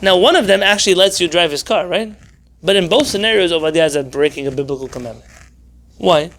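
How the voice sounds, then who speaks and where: A rabbi leads an informal Torah class in a high, bright voice. He keeps tossing rhetorical questions at his listeners and slips in dry, sarcastic humor. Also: fast. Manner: animated, full of rhetorical questions.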